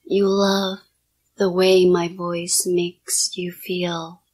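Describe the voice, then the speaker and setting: A woman hypnotist murmurs repetitive commands in a whispered role-play, her low voice staying level and close. She speaks very slowly, leaving long spaces between each soft, breathy phrase. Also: little pitch movement.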